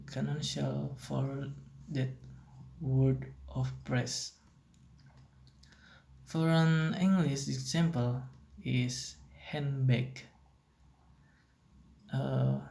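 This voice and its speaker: Young guy reading his class assignment slow and hesitant, keeps restarting words, gravelly voice. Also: mid-range voice, a little mellow, a little hiss or hum. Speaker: student presenter.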